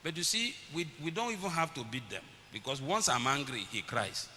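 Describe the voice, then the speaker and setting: Pastor preaching in a reverberant church. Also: male voice, medium pitch, animated, brisk, hardly any pauses, sharp tone. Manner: storytelling, acts out his children's voices. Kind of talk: sermon. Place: church hall. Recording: long church reverb, faint hiss.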